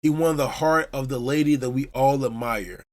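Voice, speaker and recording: A man from Chicago hosts a casual podcast, retelling each scene with eager energy. His voice sits at an ordinary, middle pitch. He talks like a fan walking friends through the plot. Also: normal speed. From Chicago, USA. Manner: enthusiastic storyteller retelling scenes. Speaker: podcast host. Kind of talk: casual manga chapter recap.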